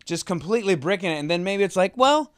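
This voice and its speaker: A man's voice: high-pitched, fast, clear, resonant tone, no echo, clean studio sound. A man co-hosting a casual podcast chat, telling stories animatedly and acting out quotes. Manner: animated storyteller, acts out quotes. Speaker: podcast co-host, tour roadie.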